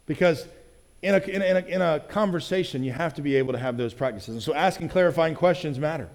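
A man's voice: a little high, quick pace. Man preaching in a long-echo hall. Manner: conversational, often asking "right?"; acts out quoted lines in other voices. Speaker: pastor. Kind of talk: sermon.

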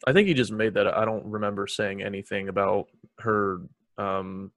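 Brief: low, gravelly man hosting a podcast, dry sarcastic delivery. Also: moderate pace, no echo. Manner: deadpan, sarcastic. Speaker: podcast host. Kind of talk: casual podcast chat.

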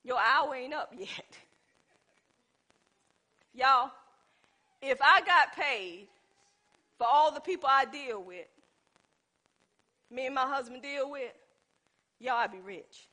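A woman delivers a sermon in a high voice, talking straight to the congregation as "y'all". Her tone is bright and ringing. She moves from easy conversational storytelling into loud, impassioned exhortation. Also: lively intonation, slow pace, pauses often. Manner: conversational preaching that builds to impassioned calls; informal, addresses the congregation as y'all. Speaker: preacher.

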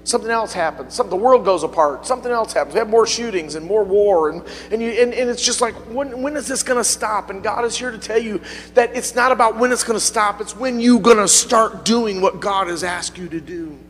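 A high-voiced male pastor delivers a sermon in a church sanctuary, calling out to the congregation for answers and building to fervent peaks. The long reverb of the hall trails after his words, with a faint hum underneath. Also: fairly quick, fairly bright tone. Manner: call-and-response preaching, rising to fervent peaks.

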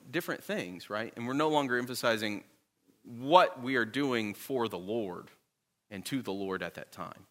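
Bright-voiced man teaching a Bible class. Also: medium pitch. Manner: conversational, often checks in with "right?".

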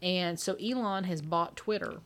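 A woman's voice: lowish voice, a little slow, fairly bright tone, a little hiss or hum. A young adult woman co-hosting a podcast, rambling through a casual chat, laughing often and restarting her sentences. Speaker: podcast co-host.

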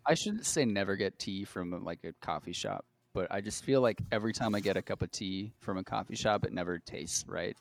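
A man's voice: sits low, fairly quick, vocal fry, hardly any pauses, no room sound. A man co-hosting a casual podcast, chatty, hedging his opinions and taking them back. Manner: chatty, hedging, self-correcting. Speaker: podcast co-host. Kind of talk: casual chat.

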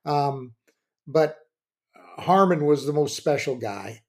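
An older man, a former pitcher and coach, telling rambling stories on a podcast with plenty of restarts and fillers. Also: lively intonation, slow. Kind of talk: casual storytelling.

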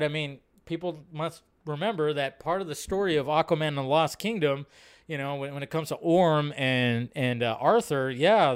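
A man's voice: on the high side, clear, resonant tone. A man hosting a live online film show, casual, rambling and profane, with lots of fillers. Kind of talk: casual live-stream commentary.

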